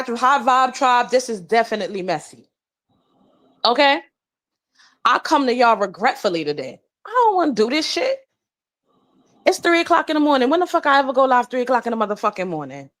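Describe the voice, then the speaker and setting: A grown woman live-streaming, telling a long story in a blunt, profane and indignant way, with rapid run-on retelling. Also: mid-range voice, a bit bright. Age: adult.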